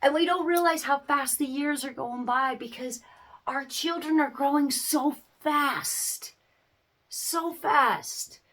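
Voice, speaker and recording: A woman's voice: high voice, slow pace, fairly bright tone. A woman, a parent, giving a casual life-lesson talk to camera, earnest and repeating phrases for emphasis. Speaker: parent and small business owner.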